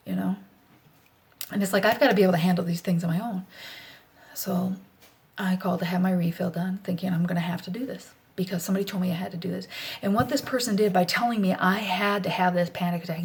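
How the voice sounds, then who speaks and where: Blunt, rambling middle-aged woman, often whispering. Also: fairly low pitch. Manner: rambling and blunt, swears freely, often drops to a soft whisper. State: anxious. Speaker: vlogger. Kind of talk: candid personal vlog monologue.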